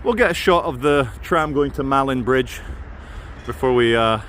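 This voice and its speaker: A man's voice: medium pitch, moderate pace, fairly bright tone, slight background noise. A man filming a walking vlog outdoors in a city, giving jokey, chatty tour-guide commentary. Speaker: vlogger.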